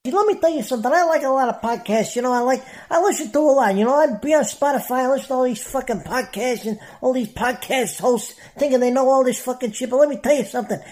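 A woman delivering a loud-mouthed mock testimonial, swearing freely and pressing every point hard. Her voice is high and her words come out quick. Her tone is dark and mellow. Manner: brash, profane, emphatic.

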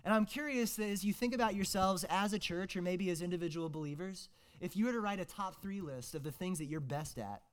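A man's voice: high voice, a little fast, hardly any pauses, smooth. A young man, preaching a casual, joking sermon as a guest preacher, full of fillers and restarts.

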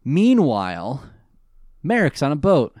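A man co-hosting a casual recap chat, jokey and animated, breaking into goofy voices. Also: fairly high pitch, takes it slowly, no room sound, studio quality. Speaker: podcast co-host recapping an anime.

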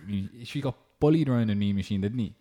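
A man co-hosting a podcast, telling stories in an animated way full of crude jokes. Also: fairly low pitch, fast. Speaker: podcast co-host. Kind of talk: casual chat.

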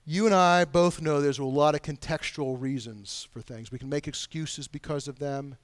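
A man preaching a sermon, pleading with his listeners and swinging between hushed, quiet stretches and loud, emphatic lines. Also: fairly high pitch, steady tone, normal speed, no echo, clean studio sound. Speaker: pastor.

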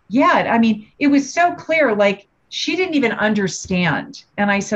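A woman, a parenting trainer, telling personal stories in an animated way and acting out the voices. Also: medium pitch, moderate pace, few pauses. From United States. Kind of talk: personal storytelling in conversation. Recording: dull lo-fi sound.

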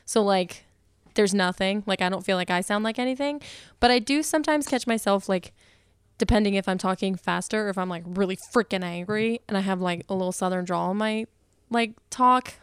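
Smooth-voiced, giggly woman guest. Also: medium pitch, a little fast, no echo, studio quality. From central United States. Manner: giggly, rambling with many fillers. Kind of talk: casual podcast chat.

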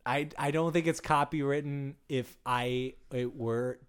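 A young man co-hosting a casual podcast, easygoing and quick to laugh as he tells a story. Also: medium pitch, steady tone, clear, resonant tone. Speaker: podcast co-host. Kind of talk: casual chat.

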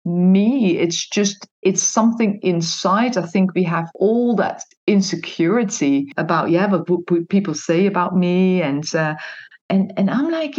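A woman's voice: mid-range voice, moderate pace. Chatty woman on lo-fi call. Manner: chatty and animated, laughs often, restarts words. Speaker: podcast guest. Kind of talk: interview conversation.

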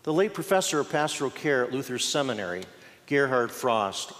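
A man preaching a sermon, mixing folksy humor with slow, weighty pauses. His voice sits at an ordinary middle pitch. The sound carries the long reverb of a church sanctuary. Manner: folksy, dramatic pauses, playful asides. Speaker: pastor.

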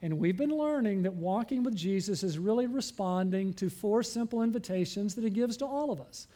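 High-voiced, earnest preacher man. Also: lively intonation, brisk, dark tone. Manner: earnest, pleading, rising to fervent appeals; asks the listeners questions. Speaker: pastor. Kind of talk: sermon.

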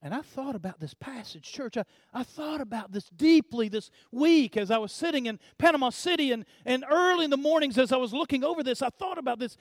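A male pastor preaching a sermon, swinging from hushed low passages to loud emphatic build-ups, often repeating words as he builds. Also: lively intonation, a little fast, hardly any pauses, no echo, studio quality.

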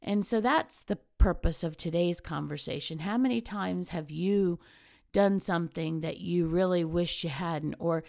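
A woman's voice: fairly low pitch, measured pace, vocal fry, darkish tone, no echo, studio quality. A middle-aged woman, hosting a casual motivational monologue as a chatty, candid, self-mocking storyteller. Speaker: podcast host.

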